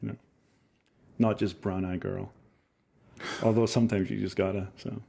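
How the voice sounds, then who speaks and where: A man talking casually about his music as a podcast guest, relaxed and a little self-deprecating. His voice sits low and mellow, with a gravelly edge running through it. He circles back and repeats bits of his phrases as he goes. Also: moderate pace.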